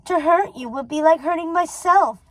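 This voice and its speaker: A woman's voice: extremely high pitch, moderate pace, a bit bright, no echo, pitched above the performer's own voice, poor audio. A woman voicing a cold, possessive old witch mother who speaks with icy scorn, reading a storybook aloud. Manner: icy and scornful, then doting.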